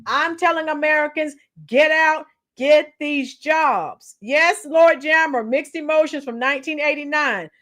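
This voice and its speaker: A woman in her fifties who teaches school hosts a relaxed livestream, reading viewer comments, chatting, and every so often singing. She speaks in a high, fairly bright voice, unhurried and with few pauses.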